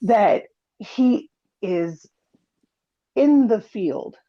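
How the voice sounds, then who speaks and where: A woman's voice: medium pitch, lively intonation, very slow, highs cut off. A woman, a guest on a live chat show, talking insistently and backing her guesses with emphatic bets. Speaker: guest commentator. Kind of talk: casual live-stream chat.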